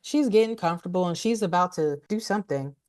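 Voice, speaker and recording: Woman on a podcast retelling a movie plot, kinda low voice, blunt, swears, laughs a lot. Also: quick pace. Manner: animated, laughing, blunt and profane. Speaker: podcast co-host, movie reviewer. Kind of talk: casual movie recap.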